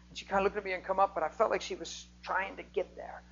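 A man preaching a sermon, telling a healing story and rising to near-shouting when he gets excited. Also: high-pitched, fast, gravelly, breathy edge, dull audio.

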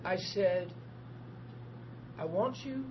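High-voiced man telling a faith testimony. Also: very slow. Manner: earnest, emotional storyteller. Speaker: minister. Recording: dull lo-fi recording with steady noise.

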